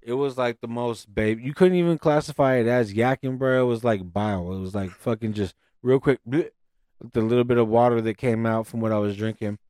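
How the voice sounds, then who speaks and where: A man telling a profane, animated story in casual chat on a podcast. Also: mid-range voice, fairly quick, hardly any pauses, clean tone, no room sound, studio quality.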